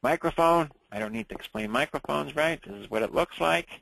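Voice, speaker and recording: A man teaching a ham radio class in a relaxed, chatty way, often checking in with the room. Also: fairly high pitch, fairly quick, vocal fry, dry recording, rough recording.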